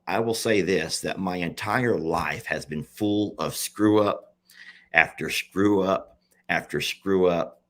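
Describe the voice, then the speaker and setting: A man who runs an animal sanctuary, talking through his mistakes in a halting, repetitive, confessional way, close to tears. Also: low voice, a bit bright. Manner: halting, repeats himself, confessional. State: near tears. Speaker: animal sanctuary owner and page host. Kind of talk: emotional personal vlog.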